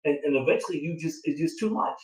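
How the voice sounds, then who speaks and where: A man's voice: a little high, fast talker, recorded from a distance. A man in casual conversation, talking. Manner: animated, repetitive, rhetorical questions. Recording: roomy sound from off the mic.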